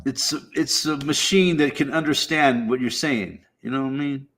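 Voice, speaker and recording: A man's voice: mid-range voice, normal speed, fairly bright tone, a little hiss or hum. A man streaming, chatting casually in a rambling, profane way with frequent fillers. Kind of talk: casual chat.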